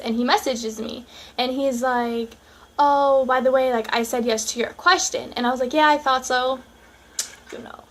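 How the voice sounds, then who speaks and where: A woman's voice: sits high, a bit bright. A young woman vlogger telling a personal story in a casual, chatty way, full of "like" and acted-out dialogue.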